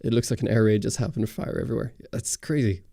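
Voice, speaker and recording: A man with a Northern Irish accent chats loosely on a livestream, rambling through viewer questions. His voice is dark and gravelly, with a dry, close-miked sound. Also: on the low side, fairly even intonation, quick pace, no room sound. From Northern Ireland. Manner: rambling, answers viewer chat. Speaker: YouTube host on a livestream. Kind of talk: casual livestream chat. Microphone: close studio mic.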